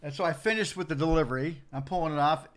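Man, casual podcast guest, rambling storyteller, fairly high pitch, animated. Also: fast. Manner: rambling, animated, lots of fillers and acted-out quotes. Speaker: podcast guest, the host's uncle.

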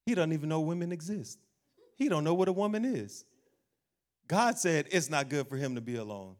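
A man preaches with lively energy, and his voice sits a little higher than most men's. He acts out the worried voices of doubters and laughs now and then. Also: brisk. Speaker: pastor. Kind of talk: sermon.

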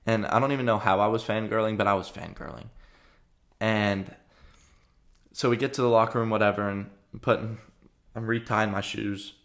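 A young man from Arkansas hosting a podcast, telling a story in a chatty, animated way with lots of fillers. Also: lowish voice, normal speed, long pauses. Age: young adult. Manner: chatty, frequent fillers and restarts, animated retelling. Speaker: podcast host. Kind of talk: casual storytelling monologue.

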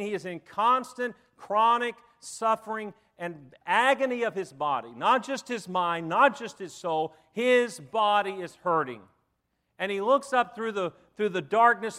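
A man preaches a sermon, his voice sitting noticeably high. He mixes folksy humor into dramatic storytelling, in the manner of a pastor addressing his congregation. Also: a bit bright. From Southern United States.

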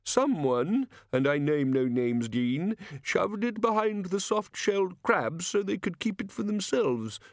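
Man putting on a petulant old wizard, squeaky high, slow muttering, dry. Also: very animated, dry recording, full character voice. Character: muddled petty old male wizard.

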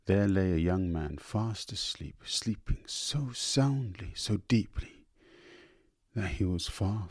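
A man reading a literary story aloud in a slow, measured, lingering way. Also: sits low, dark tone, breathy edge, dry recording. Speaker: narrator.

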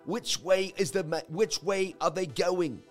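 A man doing an impression of a fellow crypto trader, with a put-on accent and an excited, sing-song way of calling the charts. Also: high-pitched, unhurried, soft background music, pitched above the performer's own voice. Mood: hyped.

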